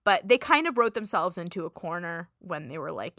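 A woman's voice: on the low side, big pitch swings, fairly quick, a bit bright, no room sound, clean studio sound. A woman co-hosting a podcast in casual chat, dismissive and chatty, with lots of "like". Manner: dismissive, chatty, heavy use of "like". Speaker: podcast co-host.

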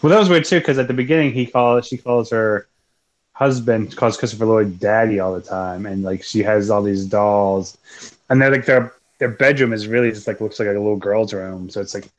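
A man's voice: fairly low pitch, normal speed. A man co-hosting a podcast, chatting loosely about a film and laughing often. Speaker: podcast co-host. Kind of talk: casual film discussion.

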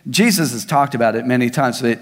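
A male pastor preaching a sermon, swinging between raised emphasis and soft, hushed asides. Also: mid-range voice, brisk. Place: large church hall. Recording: long hall reverb.

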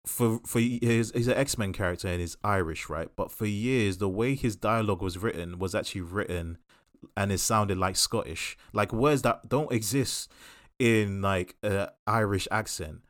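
A man hosting a casual chat podcast, talking in a passionate and opinionated way with quick asides. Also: on the low side, dry recording, clean studio sound. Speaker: podcast host.

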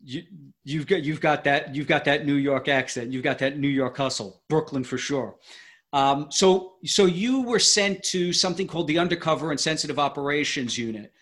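A man's voice: a little high, normal speed, a bit bright. A man hosting an interview, thinking aloud with many hesitations and restarts. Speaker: podcast host. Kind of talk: interview conversation.

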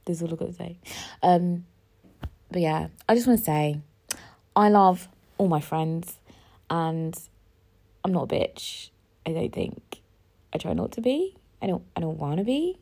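A young woman in her twenties, talking alone in a rambling, emotional way, often swearing and sometimes rising close to a shout. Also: lowish voice, lively intonation, measured pace, vocal fry, long pauses. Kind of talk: casual solo monologue.

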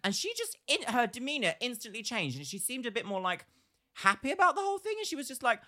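Woman co-host, dramatic storyteller, bright tone, rapid delivery. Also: on the high side, very animated. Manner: chatty, dramatic, quick to act out voices. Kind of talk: casual storytelling chat.

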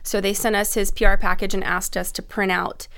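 A woman's voice: medium pitch, a little fast. A young adult woman on the staff of a trade show, telling a casual, self-mocking anecdote and acting out the people in it. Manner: animated, self-mocking storyteller who acts out quoted lines.

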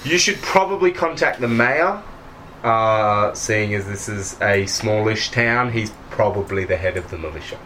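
A man running a tabletop game in a chatty, quick, laughing manner. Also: fairly low pitch, expressive, sharp tone, a little hiss or hum, rough recording. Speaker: game master.

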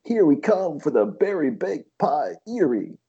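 A man's voice: fairly high pitch, big pitch swings, unhurried, dark tone, slightly rough, muffled recording, voice pushed up, exaggerated voice. A man doing a brash radio DJ voice. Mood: hyped. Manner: rhythmic, announcer patter. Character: showy male radio DJ, brash patter.

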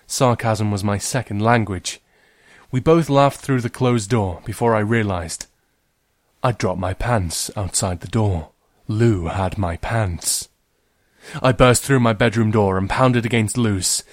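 A man's voice: fairly low pitch, normal speed, no echo, studio quality. Wry man reading stories. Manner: wry, gently humorous. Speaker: librarian storyteller host. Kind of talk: reading a story aloud.

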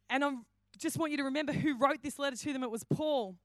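A woman pastor delivers her sermon with animated storytelling. Her voice sits fairly high and she slips into the voices of the people in her stories. The sound is dry and close. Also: quick pace, no echo. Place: church hall.

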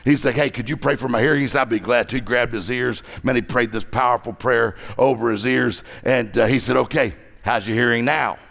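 A middle-aged man preaching a lively conference sermon, joking and exhorting the crowd. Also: medium pitch, a little fast, creaky, hardly any pauses.

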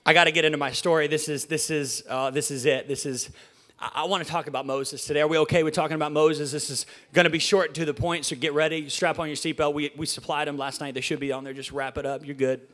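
A man with a somewhat high, steady, fairly bright voice preaches a casual, joking sermon from a church stage. He talks fast with few pauses, staying chatty and playful, stammering into restarts and putting questions to the congregation.

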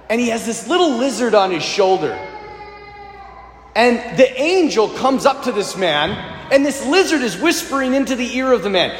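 A man preaching a sermon in an animated, conversational way, talking directly to his listeners. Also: high-pitched. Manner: animated, conversational, addresses crowd as you guys. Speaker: pastor. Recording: echoey hall reverb.

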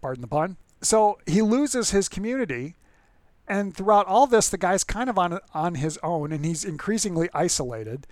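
A man's voice: high-pitched, lively intonation, normal speed, dry recording. A man preaching as a pastor in a casual, conversational way, often restarting words and acting out the people in the story. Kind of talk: conversational sermon.

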